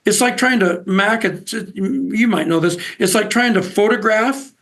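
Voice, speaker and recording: Guy from nebraska telling stories, kinda high voice w lots of gravel, keeps restarting sentences. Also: unhurried. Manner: animated, with many restarts and repeated words. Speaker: interview guest, outdoors TV host. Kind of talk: casual storytelling chat.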